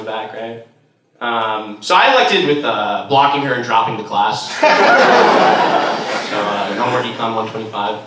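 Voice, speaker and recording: Rambling young man doing stand-up, echoey. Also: mid-range voice. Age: young adult. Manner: rambling, filler-heavy delivery. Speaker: stand-up comedian. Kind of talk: stand-up storytelling. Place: large echoey room, heard from far off. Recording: echoey room, distant mic, noisy. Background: audience laughter.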